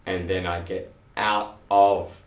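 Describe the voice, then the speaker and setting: A man teaching English pronunciation in a classroom, slowly drilling sounds and words with lots of repetition. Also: low-pitched, little pitch movement. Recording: echoey room, voice from far off.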